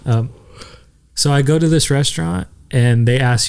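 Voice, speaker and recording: A man's voice: medium pitch, normal speed, creaky, darkish tone, clean tone. Young man telling a travel story. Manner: storytelling, acts out quoted voices. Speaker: podcast co-host. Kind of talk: casual chat.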